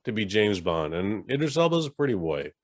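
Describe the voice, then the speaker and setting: A man's voice: on the low side, very animated, fairly quick, no echo, clean studio sound. A man in his forties co-hosting a podcast, rambling in casual chat and swearing now and then. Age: 40s. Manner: rambling, swearing, self-interrupting. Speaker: podcast co-host.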